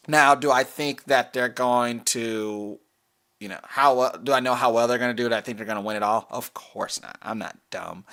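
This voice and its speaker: A man co-hosting a casual podcast, working through sports predictions at an unhurried pace. He rambles, stops to correct himself and scatters fillers as he goes. His voice sits at an ordinary pitch for a man. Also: fairly bright tone. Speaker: podcast co-host. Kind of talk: casual chat about soccer picks.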